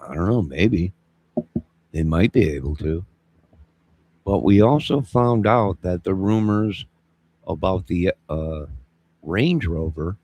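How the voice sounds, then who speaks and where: A man's voice: deep voice, darkish tone, breathy edge. A man co-hosting a livestream, chatting casually and rambling while he repeats himself. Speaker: livestream co-host.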